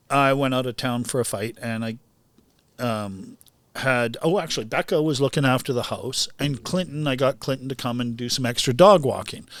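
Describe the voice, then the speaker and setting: A man spins stories in a relaxed podcast chat, often laughing and rising into animated bursts. His voice sits in an average pitch range, recorded close and dry with no room sound. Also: no echo. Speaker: podcast guest, boxing trainer. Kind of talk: casual chat.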